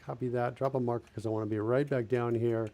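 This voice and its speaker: Gravelly man live-coding aloud. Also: mid-range voice, fairly even intonation, quick pace, warm tone, dull audio. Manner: thinking aloud while typing, self-correcting. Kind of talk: casual live-coding narration.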